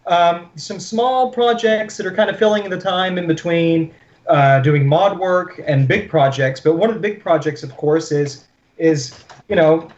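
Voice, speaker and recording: A man co-hosting a podcast over a video call, joking in a deadpan way. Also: on the high side, dull audio. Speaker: podcast co-host. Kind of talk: joking casual chat.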